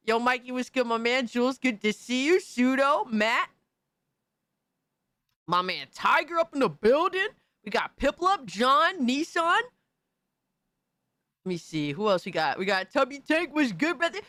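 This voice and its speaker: A woman hosting a live stream, hyped and profane, rattling off shout-outs to chat in casual banter. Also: high-pitched, sing-song, a little slow, pauses often, dry recording.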